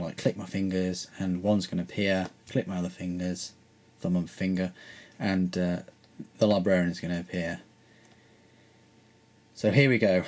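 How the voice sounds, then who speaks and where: A man's voice: on the low side, a little mellow. A man from Britain doing a casual unboxing and review vlog, wry and self-mocking, full of rambling asides. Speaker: hobby reviewer.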